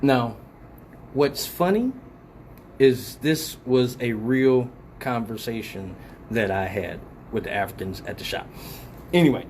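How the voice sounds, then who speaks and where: A man hosting a live comedic talk show, telling rambling, profane stories in an animated way. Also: medium pitch, takes it slowly, pauses often, a little hiss or hum.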